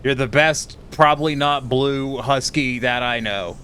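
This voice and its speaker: A man's voice: medium pitch, unhurried, pushed and bright, slight background noise. A man streaming live, chatting casually and teasingly with his viewers while tired and rambling.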